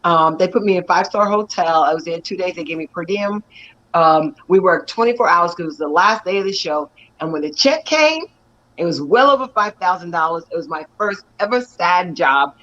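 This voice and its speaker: An actress and stunt performer telling stories with animated energy and frequent laughter during an interview. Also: female voice, on the low side, brisk, dull audio. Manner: animated, laughs often, lively storytelling. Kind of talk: excited storytelling in an interview.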